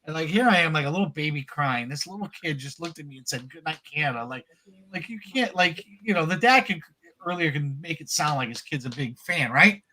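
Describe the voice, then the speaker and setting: A man co-hosting a casual comic collectibles podcast, telling an animated story with lots of restarts and fillers. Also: fairly high pitch, brisk. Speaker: podcast co-host.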